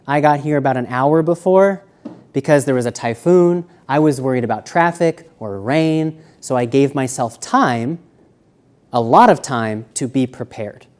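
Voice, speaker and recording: A man giving a live seminar lecture, walking around and shifting between quiet, slow speech and loud emphasis. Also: on the high side. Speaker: seminar presenter. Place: university seminar room.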